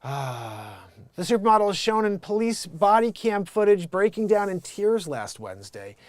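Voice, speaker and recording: A man's voice: sits high, big pitch swings, normal speed, dry recording, studio quality. A man hosting an improvised comedy news livestream. He rambles, riffs and swears casually. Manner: rambling, riffing, loose and profane. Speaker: comedy news show host.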